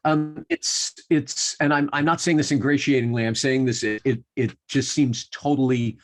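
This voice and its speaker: A man's voice: medium pitch, steady tone, moderate pace. A man hosting an interview, effusive and hesitant, with many restarts. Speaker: interviewer, host. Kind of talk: casual interview talk.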